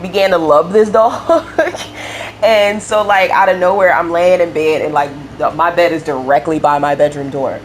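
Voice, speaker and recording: A young woman with a notably low voice chats freely while she plays, rambling from one thought to the next with plenty of fillers. A faint hiss of noise sits under her voice. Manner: rambling storyteller, many fillers and laughs. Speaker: game streamer building a house. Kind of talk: casual chat while playing.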